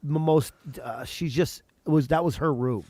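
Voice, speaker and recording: A man, a comedian, telling a self-deprecating story about bombing onstage, with halting starts and stops. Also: fairly high pitch, darkish tone, no echo. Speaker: comedian guest. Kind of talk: casual chat on a video call.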